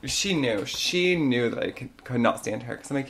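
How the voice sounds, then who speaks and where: A man's voice: medium pitch, normal speed, few pauses. A man guesting on a podcast, telling stories bluntly with plenty of swearing in casual chat. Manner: blunt, profane, animated storyteller.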